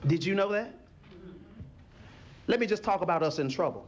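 High, lively-voiced male preacher. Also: moderate pace, a little hiss or hum. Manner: animated call-and-response preaching, folksy phrasing. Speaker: pastor. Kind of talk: sermon.

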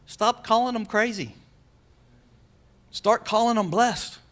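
A male pastor preaching a sermon in a folksy, animated way, joking with the congregation. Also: high voice, slow pace.

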